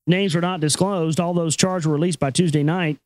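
A male talk show host reads the news and riffs on it in a loose, profane, rambling way. His voice sits fairly high for a man. The sound is close and dry, with no room echo. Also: fairly even intonation, brisk, a little mellow. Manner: profane, rambling, laughs often. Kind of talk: casual talk and news reading.

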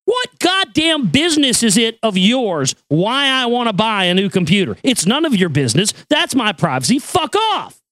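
A middle-aged man with a noticeably high-pitched voice rants through a personal story, exasperated and swearing freely. He stumbles and restarts as he talks. The recording is dry and close, with no room sound. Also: sing-song, moderate pace, hardly any pauses, fairly bright tone, no echo. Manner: profane, exasperated, repetitive restarts.

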